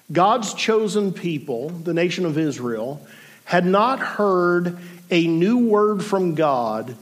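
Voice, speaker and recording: A man in his forties, a pastor giving a sermon in an earnest, measured way with pauses and casual asides. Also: a little high.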